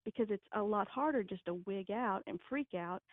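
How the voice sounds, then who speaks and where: A woman's voice: medium pitch, animated, moderate pace, a crowd in the background. Woman on a tinny phone line. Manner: earnest, emphatic advice-giving. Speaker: parenting guest. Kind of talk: radio interview.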